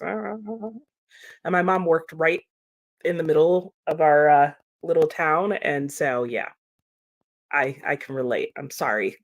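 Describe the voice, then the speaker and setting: A woman's voice: on the low side, normal speed. Woman, livestream host, casual chat, laughs a lot, reads comments aloud.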